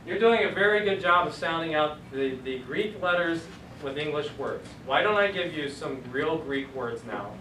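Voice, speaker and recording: A man's voice: on the high side, animated, normal speed, hardly any pauses, bright, forceful tone. A man teaching a Bible Greek class, joking and encouraging, thinking aloud as he goes. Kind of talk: classroom lecture. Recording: echoey room from a distant mic with noise.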